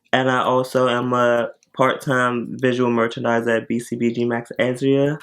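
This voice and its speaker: A young adult man, a cast member, chatting casually in an interview, rambling with lots of filler words. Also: medium pitch. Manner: relaxed, rambling, heavy use of "like" fillers.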